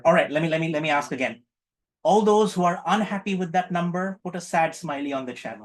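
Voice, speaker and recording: A man's voice: on the high side, fast talker. Playful man leading a healing session. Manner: playful, repetitive teacherly prompting. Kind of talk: online group healing session.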